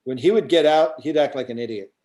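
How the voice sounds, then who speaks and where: A man's voice: on the high side, quick pace, darkish tone. A man in a casual sports chat, telling a story in a laid-back way.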